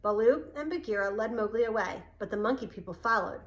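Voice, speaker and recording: A woman's voice: a little high, lively intonation, fairly quick, rough recording. Woman reading a storybook aloud. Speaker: narrator.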